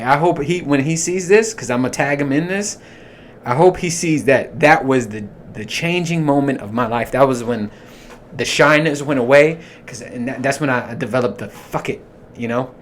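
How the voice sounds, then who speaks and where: A man in his thirties hosting a podcast, telling his stories in a casual, profane, animated way and laughing as he goes. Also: mid-range voice, a little hiss or hum. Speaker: podcast host. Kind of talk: casual storytelling monologue.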